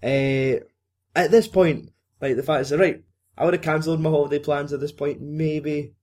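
A man's voice: a little high, moderate pace. Sweary Scottish man recapping a film. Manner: sweary, animated, jumps into silly voices. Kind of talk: casual film recap chat.

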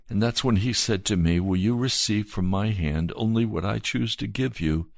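Man preaching, deep gravelly voice, slow earnest delivery, dry close sound. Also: a little mellow, no echo. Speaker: pastor. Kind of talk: sermon.

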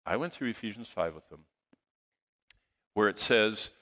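A male pastor telling a story in a sermon, animated, swinging between loud bursts and hushed asides. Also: on the low side, a little slow, long pauses. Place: church auditorium. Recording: long hall reverb.

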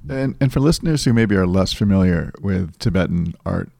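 Deep gravelly male podcast host. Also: animated, brisk, warm tone, no echo, studio quality. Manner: hesitant, restarting questions. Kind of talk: interview questions.

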